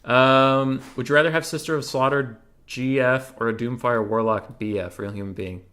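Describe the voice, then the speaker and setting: A man hosts an easygoing gaming Q&A, reading community questions and answering with throwaway jokes in quick succession. His medium-pitched voice is fairly bright, and his intonation stays fairly even.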